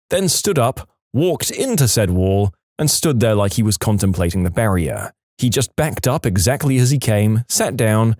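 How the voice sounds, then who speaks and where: A man narrating submitted stories for a storytelling channel, with expressive, playful delivery. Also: mid-range voice, dry recording, studio quality. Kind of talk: reading submitted stories aloud.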